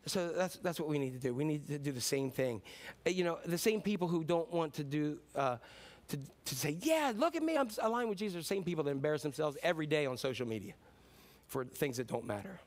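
A man preaching a sermon as pastor, telling stories in a casual, animated way with sudden whoops and cheers. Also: on the high side, a little fast.

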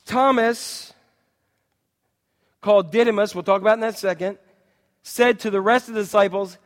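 A man preaching a sermon as pastor, animated, acting out quotes and putting questions to his listeners. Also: high-pitched, normal speed, long reverb tail. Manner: animated, acts out quotes and asks the congregation questions.

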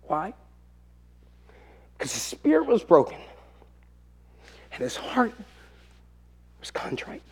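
A man's voice: a little high, darkish tone, breathy edge. A middle-aged man preaching a sermon, telling a family story and acting out what each person said. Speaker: pastor.

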